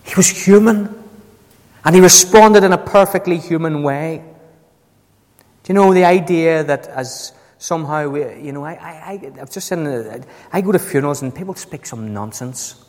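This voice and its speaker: A man's voice: normal speed, darkish tone. Emphatic male preacher in echoey hall. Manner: emphatic, swings up to high ringing stresses. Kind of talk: sermon. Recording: echoey hall with long reverb.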